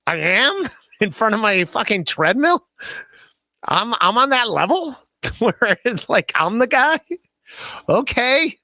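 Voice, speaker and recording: A man's voice: extremely high pitch, big pitch swings, takes it slowly, long pauses, pushed and bright, dry recording. A man hosting a casual podcast livestream, rambling and self-deprecating as he reads chat messages, laughing often and stammering on repeated words. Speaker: podcast host.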